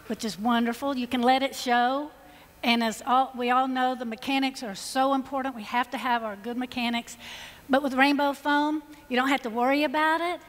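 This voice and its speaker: A woman with a Georgia Southern accent demonstrating floral designs on stage, chatty and enthusiastic in a folksy way. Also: high-pitched. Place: stage at a symposium in a large hall. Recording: long reverb of a large hall.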